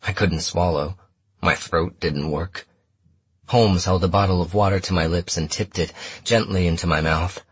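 A man narrating a first-person story in a measured, steady audiobook reading. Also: low-pitched, slightly rough, no room sound.

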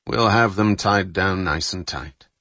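A man's voice: sits low, unhurried, sharp tone, no echo, heavily acted. A man voicing an easygoing American first officer on a cargo ship who talks casually.

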